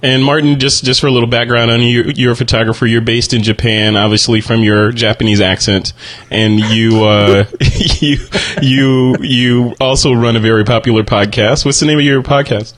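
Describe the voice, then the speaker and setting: A man hosting a relaxed panel podcast, his voice sitting in a middling register. He talks quickly and chattily, repeating a word or two whenever he launches into a question. The tone is easy and conversational throughout. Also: mid-range voice. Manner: quick, chatty, repeats words when starting sentences. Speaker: podcast host. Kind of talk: casual panel podcast chat.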